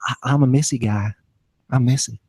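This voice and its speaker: A man hosting a casual live video call, telling crude, joking stories in an animated way. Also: medium pitch, moderate pace, slightly rough, no room sound. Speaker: podcast host.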